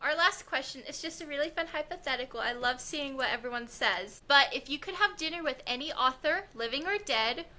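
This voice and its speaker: A woman's voice: high-pitched, sharp tone. A woman co-hosting a podcast, chatting enthusiastically with her guest. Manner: enthusiastic, quick agreeing. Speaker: podcast co-host. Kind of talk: casual chat.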